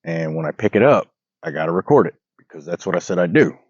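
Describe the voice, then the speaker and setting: A man's voice: low-pitched, lively intonation, fast talker, darkish tone, no room sound, lo-fi sound. A man with a cold, talking casually and rambling to a phone camera outdoors at night, full of fillers and restarts. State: has a cold, slightly hoarse. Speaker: vlogger reading the Bible. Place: outdoors at night on rural land. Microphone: phone propped on a log.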